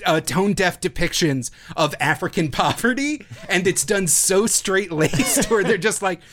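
A podcast co-host talking in casual chat at a middle pitch. The delivery is wry, with mocking asides. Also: animated, a little slow, fairly bright tone.

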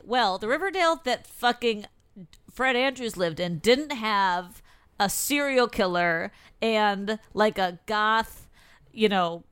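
Smooth-voiced sarcastic woman, dry studio sound. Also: mid-range voice, lively intonation, fairly bright tone, dry recording. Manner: sarcastic, swearing, quick mocking impressions. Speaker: podcast co-host. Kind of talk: casual recap chat.

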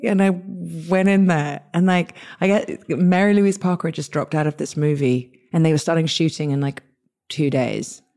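English woman guest, low mellow voice, chatty storyteller who restarts a lot. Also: moderate pace. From England. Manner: lively, chatty, many restarts and quoted asides. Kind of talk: casual interview storytelling.

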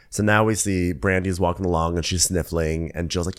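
Lower-voiced man retelling scenes. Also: fairly even intonation, brisk, hardly any pauses. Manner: storytelling, dry asides, squeaky voices for quotes. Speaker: podcast co-host. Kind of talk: casual recap chat.

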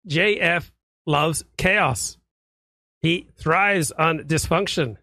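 A Canadian man delivers a lecturing, philosophizing monologue in a slightly high voice. His tone is bright and tense. The sound is close and dry. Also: drawn-out words, no room sound. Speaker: online commentator. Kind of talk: monologue commentary. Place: played clip.

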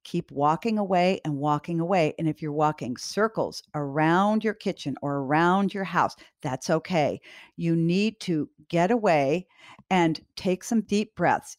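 Woman, lower voice, calm and direct parenting teacher, dry sound. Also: measured pace, no echo. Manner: calm, direct, repeats key advice. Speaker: parenting educator. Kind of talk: instructional talk to parents.

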